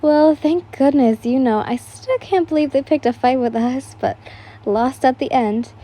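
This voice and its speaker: A woman voicing a teasing, outspoken female student friend in a fan story reading, loud and mocking. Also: sits high, a little slow.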